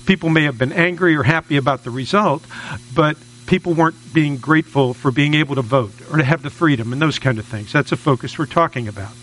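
A man's voice: a little high, a bit bright, poor audio. A man preaching a sermon in a conversational, repetitive way, often checking in with listeners. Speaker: minister.

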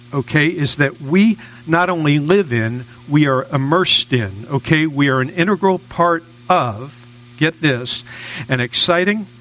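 A man's voice: fairly high pitch, a bit bright, poor audio. A man preaching a sermon in a conversational, repetitive way, often checking in with listeners. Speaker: minister.

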